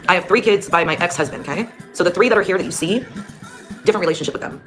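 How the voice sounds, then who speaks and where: A woman's voice: fairly low pitch, very fast. A woman telling her own story as a mother in a blunt, heated way, with heavy swearing. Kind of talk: personal storytelling. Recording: clear music behind the voice. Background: music.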